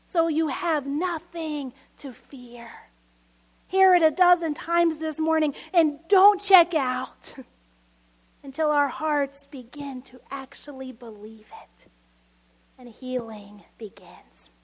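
A woman pastor delivers a sermon in a very high, light voice. She talks slowly and conversationally, with chuckling asides to the congregation. Key lines sink to a near whisper.

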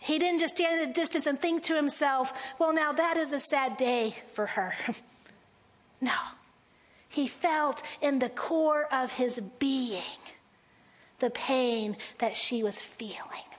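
A woman pastor preaching a sermon, animated and laughing, dropping to slow, hushed phrases for emphasis. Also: high voice.

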